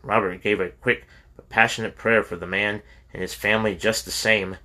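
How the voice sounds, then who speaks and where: A man narrating an audiobook in a steady storytelling reading. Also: lowish voice, moderate pace. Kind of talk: scripted narration.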